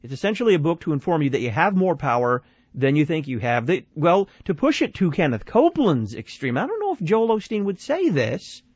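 A man hosts a call-in radio show from the studio, breaking down a clip he has just played. His voice sits on the higher side for a man and sounds dry and close. The sound is slightly dull, and he speaks conversationally with frequent restarts. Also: huge pitch swings, a little fast, darkish tone, slightly rough, dry recording. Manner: conversational, with restarts and repeated phrases. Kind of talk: critical commentary on a played clip.

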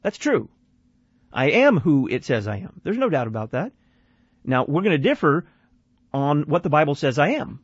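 A man's voice: a little high, big pitch swings, moderate pace, pauses often, breathy edge, dry recording, muffled recording. A man hosting a call-in radio show, giving critical commentary on a played clip in a conversational way with restarts and repeated phrases.

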